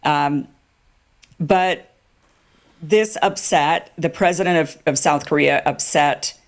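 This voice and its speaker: A woman giving animated, sarcastic online commentary and mocking others with put-on quotes. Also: sits low, slow pace. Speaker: political commentator.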